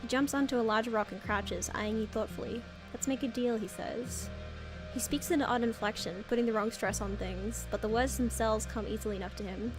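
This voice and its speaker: Excitable lady streamer reading a game out loud, kinda high voice, faint music behind. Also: fairly quick. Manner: excitable, squeals and laughs, dramatic reactions.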